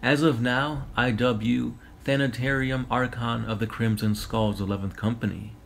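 A man's voice: mid-range voice, steady tone, normal speed, gravelly, a little hiss or hum, lightly acted. A solemn, commanding warrior-priest, as a man reads him. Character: stern armored space knight chaplain, commanding elder.

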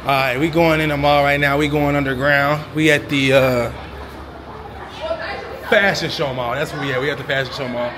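A man hosting a casual family vlog, loud and playful, hyping up a group of kids with lots of slang while walking through a mall. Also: mid-range voice, little pitch movement, normal speed. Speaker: vlogger and dad. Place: indoors, busy shopping mall. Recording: noisy crowded mall audio. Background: crowd chatter and noise.

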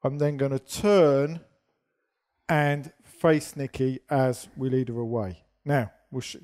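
A man's voice: medium pitch, fairly even intonation, slow, a little mellow. A man teaching a partner dance, explaining steps and counting beats in a chatty, self-deprecating way while losing his voice.

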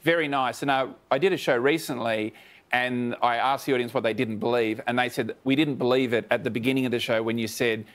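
A man's voice: mid-range voice, fairly even intonation, brisk, a bit bright. A male Australian comedian being interviewed on a studio chat show, dry and sardonic, laughing at his own jokes. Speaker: comedian guest.

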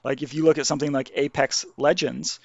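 A man's voice: a little high, steady tone, fairly quick, creaky, dry recording. A man, a game developer guest, talking thoughtfully in a casual podcast conversation and often restarting his sentences. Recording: dull lo-fi dry sound.

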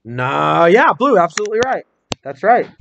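A man's voice: sits high, big pitch swings, creaky, a bit bright, lo-fi sound, slight background noise. Male teacher quizzing kids on phonics. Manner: encouraging, questioning, spells words out slowly. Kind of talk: small-group phonics lesson. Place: classroom.

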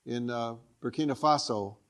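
A man's voice: mid-range voice, normal speed. Older man preaching an earnest sermon. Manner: earnest personal storytelling. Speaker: guest preacher.

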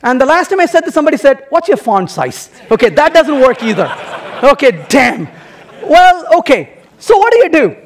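A man's voice: very high-pitched, very animated, a little fast. A man giving a humorous technical talk to a live audience at a conference, playful and teasing, full of rhetorical questions. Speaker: conference speaker. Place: conference hall.

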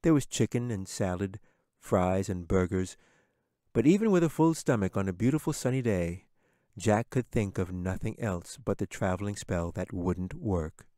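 A man, the author, reading his own fantasy book aloud in a measured, steady storytelling manner. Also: low voice, no echo, studio quality. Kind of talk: audiobook narration.

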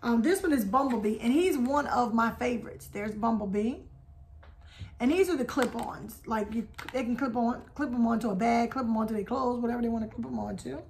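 A woman's voice: fairly high pitch, fairly quick, background noise. A woman hosting a casual haul vlog, chatting to viewers and calling them y'all. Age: adult. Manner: chatty, addresses viewers as y'all, hums theme tunes. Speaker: haul video host.

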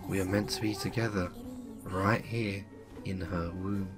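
A man voicing a seductive woodland spirit woman in a horror game, hushed and luring. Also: deep voice, steady tone, a little slow, over music. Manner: hushed, luring, at times whispered.

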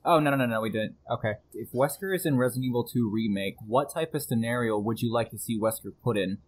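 A man co-hosting a podcast, relaxed and jokey as he reads listener questions. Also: mid-range voice, quick pace, a little hiss or hum. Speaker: podcast co-host. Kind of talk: casual podcast interview.

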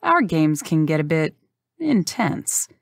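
A woman's voice: low voice, sing-song, takes it slowly, dry recording, clean studio sound, heavily acted. Woman voicing a smug college guy.

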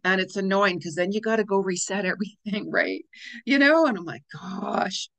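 A middle-aged woman giving a casual spiritual astrology forecast, chatty and animated, laughing often and acting out little quoted reactions. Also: mid-range voice, normal speed. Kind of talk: casual weekly forecast talk.

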